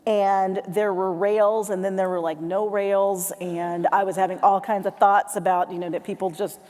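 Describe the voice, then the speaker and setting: A woman giving a motivational keynote, telling a lively story and acting out her family's voices. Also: mid-range voice, moderate pace. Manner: animated storyteller, acts out family voices, laughs along. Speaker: keynote speaker. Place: large hall with live audience. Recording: long hall reverb.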